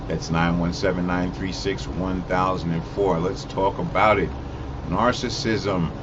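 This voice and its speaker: A man hosting a call-in show, giving casual advice in a rambling, halting way full of "you know"s. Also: low-pitched, fairly even intonation, muffled recording, noisy background.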